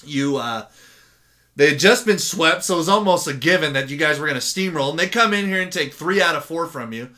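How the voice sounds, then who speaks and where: A man's voice: a little high, animated, a little fast, pushed and bright. A man co-hosting a podcast, ranting about sports in a blunt, exasperated way. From San Diego area. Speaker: podcast co-host. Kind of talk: casual sports chat.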